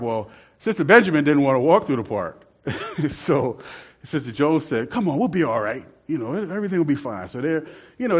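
A man telling a rambling church story in a casual, laughing way. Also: medium pitch. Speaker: church member telling a testimony.

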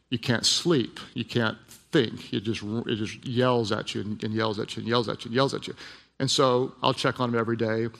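Gravelly male pastor in a reverberant hall. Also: medium pitch. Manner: storytelling, dropping to a hushed voice then building to emphatic repeats. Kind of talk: sermon.

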